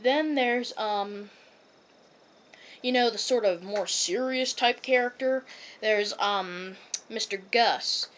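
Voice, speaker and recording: A high-pitched woman rants about a cartoon in a casual, rambling way. She strings thoughts together with constant "um"s and "like"s as she reviews. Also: slow, a bit bright, highs cut off, a little hiss or hum. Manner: rambling, heavy on fillers like "um" and "like".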